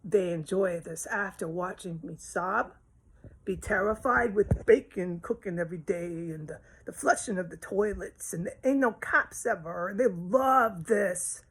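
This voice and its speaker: A woman's voice: medium pitch, a little slow, slight background noise, low-quality recording. A woman from the United States delivering an angry, rambling, profane vlog rant. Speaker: vlogger. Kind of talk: angry ranting monologue.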